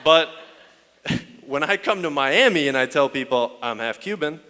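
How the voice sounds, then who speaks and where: A man's voice: fairly high pitch, animated, measured pace, pushed and bright, smooth. A young man doing a stand-up comedy set on stage with crude, self-mocking banter and plenty of swearing. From United States. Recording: echoey hall.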